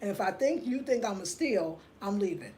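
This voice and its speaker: A woman, telling a story in a casual live chat, animated and laughing often, reading viewer comments aloud. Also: mid-range voice, normal speed, slight background noise. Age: 50s. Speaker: livestream host.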